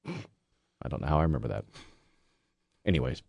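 A man co-hosting a radio show, chatty and quick to argue back, with lots of fillers. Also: very deep voice, sing-song, vocal fry, darkish tone, no echo. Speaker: radio co-host. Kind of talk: call-in radio chat.

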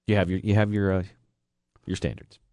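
A man with a Texan accent co-hosting a radio talk show and tossing in quick wisecracks. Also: sits low, level tone, warm tone, clear, resonant tone, dry recording, clean studio sound. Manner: quick wisecracks, laughs a lot. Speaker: radio co-host. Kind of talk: casual radio banter.

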